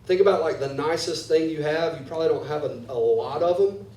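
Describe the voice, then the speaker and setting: A man's voice: a little high, a little fast, warm tone, reverberant, far from the mic, low-quality recording. A pastor preaching a sermon, earnest and repeating words as he builds each point. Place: church sanctuary.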